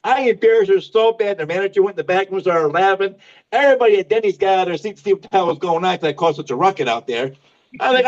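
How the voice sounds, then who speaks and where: Stand-up comic, man in his fifties, high voice, laughs at his own punchlines, dull lo-fi sound. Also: lively intonation, quick pace. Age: 50s. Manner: self-mocking, laughs at his own jokes. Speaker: stand-up comedian. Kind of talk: stand-up comedy set.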